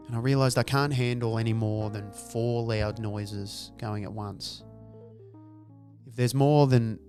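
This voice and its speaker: A man's voice: lowish voice, a little mellow. A man giving a profane, exasperated comic monologue as a podcast host and stand-up comedian. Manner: exasperated ranting, profane, acts out noises.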